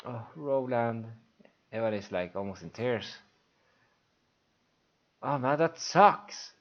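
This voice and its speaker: A let's play streamer with a Swedish accent reads the on-screen action aloud for blind viewers, sighing emotionally as he goes. His medium-pitched voice is expressive and slow, and the sound is lo-fi.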